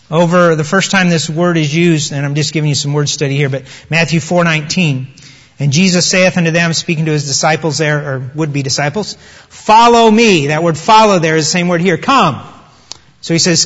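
A man preaching a conversational sermon, drawing out quoted words slowly for emphasis. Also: a little high, fairly bright tone, big-room sound, lo-fi sound. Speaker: pastor.

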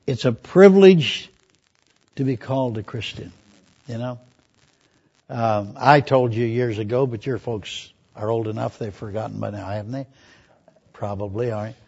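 A man's voice: mid-range voice, normal speed, gravelly, pauses often, a little mellow, breathy edge. An older man, a pastor, preaching a conversational sermon, telling folksy stories and reading scripture aloud. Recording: dull lo-fi recording.

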